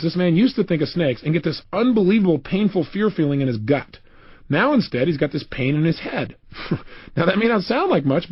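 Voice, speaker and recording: A man's voice: on the high side, slightly rough, no echo, lo-fi sound. A man giving a motivational self-help talk, telling stories animatedly and acting out what people said. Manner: animated storytelling, acting out quotes. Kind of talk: motivational audio program.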